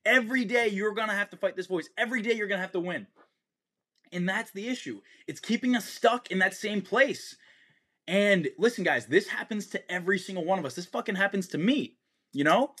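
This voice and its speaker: A man's voice: high-pitched, brisk, sharp tone, breathy edge. A young man hosting a fitness podcast, giving an intense motivational monologue full of swearing and repetition.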